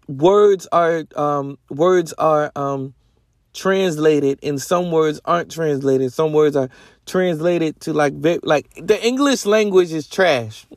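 A man's voice: on the high side, no room sound, clean studio sound. A man hosting a podcast, teaching the Bible in a casual, rambling way with lots of slang and self-corrections. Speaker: podcast host.

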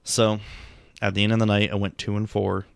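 A middle-aged male vlogger gives a reflective, casual monologue about a long night, rambling and self-critical, tired and subdued, full of restarts and fillers. His fairly low, gravelly voice stays level and fairly quick, with a little hiss or hum in the audio.

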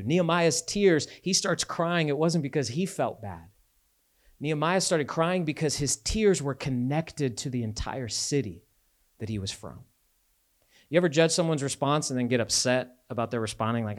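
A man preaching a sermon as a pastor, talking in a conversational, animated way with casual asides. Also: mid-range voice, normal speed.

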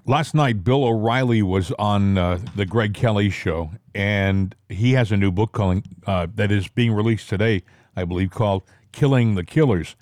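A man hosting a casual political talk show, rambling with halting restarts. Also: lowish voice, darkish tone, no room sound. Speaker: podcast host.

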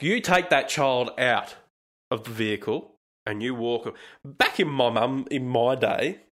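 A man's voice: mid-range voice, fairly bright tone. An Australian man hosting a comedic podcast, ranting in a sweary, sarcastic and rambling way. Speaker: podcast host.

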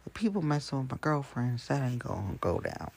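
A show host chatting casually and at length about the news, rambling and often dropping into hushed asides. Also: medium pitch, very animated, fairly quick, noisy background. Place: Hamilton County area.

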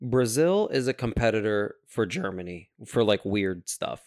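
A man's voice: lowish voice, sing-song, normal speed, darkish tone, no echo, clean studio sound. A young man co-hosting a podcast, talking in a rambling way with lots of fillers and crude jokes. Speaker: podcast co-host. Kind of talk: casual chat.

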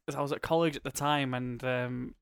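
A young man in a casual gaming chat, playful and laughing, jumping into excited voices when he retells memories. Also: medium pitch, brisk, creaky, clear, resonant tone, no echo, clean studio sound.

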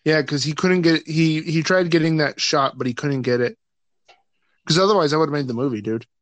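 Laughing host retelling with quoted voices. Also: male voice, fairly high pitch, brisk, no room sound. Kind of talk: casual chat.

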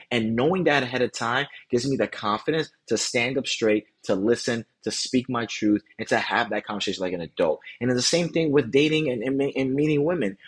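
A man's voice: mid-range voice, slightly rough. A man hosting a podcast as a dating coach, talking earnestly and directly to the listener in a motivational monologue.

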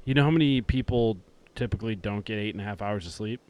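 A man's voice: fairly low pitch, fast, darkish tone, clean tone. A young man hosting a casual podcast, chatting in a laid-back way and laughing often. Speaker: podcast host. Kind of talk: casual podcast chat and read ad.

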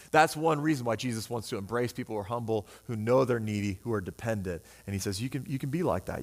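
A male pastor delivering a sermon, talking to his congregation in a relaxed, conversational way and jumping into quick acted-out voices. His voice sits at an ordinary middle pitch. It rings with a long reverb from a large church hall. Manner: conversational and animated, acting out voices of people. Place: church sanctuary.

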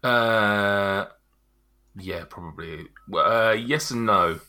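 A man's voice: on the low side, slow pace, sharp tone. A man running a tabletop game as game master, describing scenes with many ums and restarts. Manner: rambling, hesitant descriptions full of ums.

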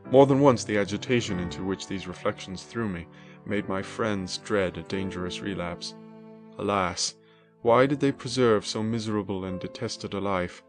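A man's voice: fairly low pitch, moderate pace, soft background music. A man narrating a classic novel as an audiobook in a dramatic, emotive first-person reading.

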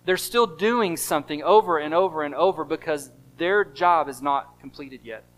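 A man's voice: fairly high pitch, moderate pace, low-quality recording. American male pastor preaching with emphatic repetition. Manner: emphatic, repeats key phrases, swings between loud stresses and quiet drops. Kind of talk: sermon.

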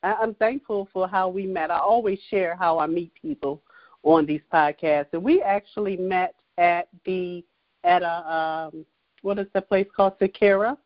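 A woman's voice: lowish voice, fairly even intonation, normal speed, dry recording, lo-fi sound. A woman hosting a podcast who asks her guest questions in a chatty way, with lots of fillers. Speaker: podcast host. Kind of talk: casual interview chat.

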